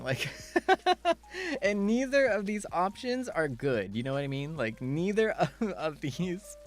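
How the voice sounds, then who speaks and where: A man's voice: takes it slowly, faint music behind. A man chatting casually on stream, telling a story with lots of laughter and acted-out quotes. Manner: animated storytelling, bursts into high laughter, acts out quotes. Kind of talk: casual chat.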